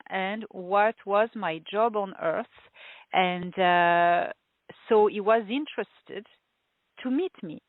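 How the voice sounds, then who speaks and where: A woman being interviewed as a guest, telling her story in a halting way, with many fillers and restarts and frequent laughter. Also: mid-range voice, dry recording. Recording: tinny phone-like line.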